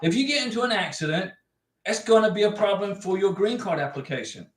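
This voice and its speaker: A man's voice: sits high, lively intonation, brisk. A man hosting a livestream, reading out viewer comments and giving advice in a chatty way, repeating his points for emphasis. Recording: echoey room.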